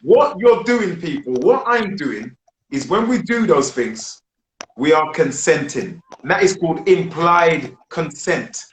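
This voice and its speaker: A British man with a slightly raised pitch leads a group discussion. He speaks emphatically and poses rhetorical questions to make his points. The room sounds echoey, with faint noise behind him. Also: animated, measured pace. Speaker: discussion host.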